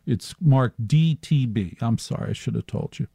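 A man's voice: mid-range voice, normal speed, creaky, warm tone, husky, dry recording. A male radio talk show host riffing sardonically through a live monologue. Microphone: studio microphone.

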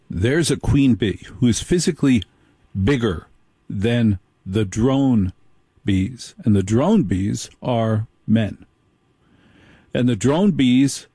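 A man's voice: mid-range voice, mellow, husky, no echo. A man delivering a sardonic comic monologue. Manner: sardonic, storytelling.

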